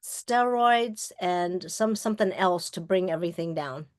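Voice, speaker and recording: Lively storyteller woman in her sixties. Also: fairly low pitch, a little slow. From Long Island, New York. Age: 60s. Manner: lively, acts out quoted dialogue, laughs often. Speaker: guest speaker, filmmaker. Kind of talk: personal storytelling in an interview. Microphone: webinar call microphone.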